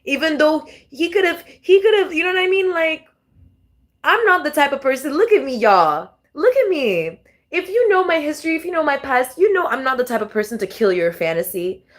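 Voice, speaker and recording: A woman's voice: high-pitched, very animated, normal speed. A young adult woman doing a casual tarot reading vlog, talking straight to her viewers, swearing freely and laughing often. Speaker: tarot reader.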